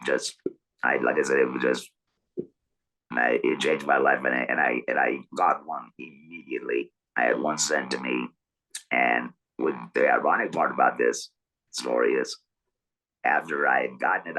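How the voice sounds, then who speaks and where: A middle-aged man talking through an electrolarynx, with a buzzing mechanical tone and halting speech full of repeated words. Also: rumbling low, fairly even intonation, pushed and bright, rough recording. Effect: electrolarynx buzz. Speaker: guest telling his story. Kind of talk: casual interview storytelling.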